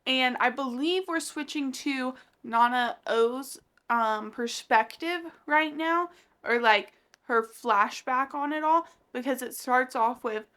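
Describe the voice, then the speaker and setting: A woman's voice: high voice, slow pace, fairly bright tone. A woman book vlogger casually recapping a manga she is reading, with gushing, emotional reactions.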